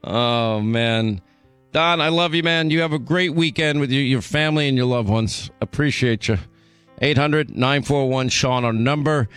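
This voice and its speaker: A man in his sixties hosting a national radio talk show, with a faint New York accent and many quick stammered restarts. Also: medium pitch, a bit bright, clean tone, dry recording, faint music behind. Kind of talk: talk radio, live ad read. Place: radio studio.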